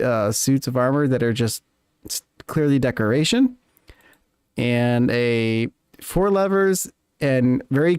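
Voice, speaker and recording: A man narrating as game master, often pausing and correcting himself as he goes. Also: medium pitch, a little mellow, clear, resonant tone, no echo, clean studio sound. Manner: halting, self-correcting, apologetic.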